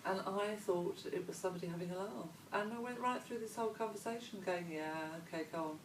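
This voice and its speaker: Speaking briskly in a steady mid-range voice, a woman who used to model rambles conversationally as an interview guest, drifting into trailing side comments. The recording sounds distant and echoey, with a little hiss or hum.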